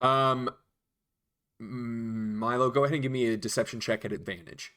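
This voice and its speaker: A man narrating a tabletop game as dungeon master, animated and quick to laugh. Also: mid-range voice, clean tone.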